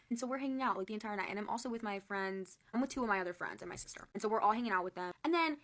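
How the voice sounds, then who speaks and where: A young woman telling a dating story to camera in an animated, playful, gossipy way. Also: medium pitch, rapid-fire, few pauses.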